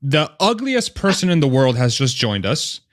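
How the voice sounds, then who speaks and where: A man hosting a casual live stream, upbeat and quick to laugh, sometimes tripping over his words. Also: medium pitch, very animated.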